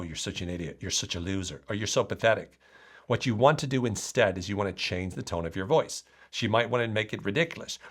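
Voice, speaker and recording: A man explaining self-help strategies to the camera in an earnest, steady way. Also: fairly low pitch. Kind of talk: talking-to-camera lesson.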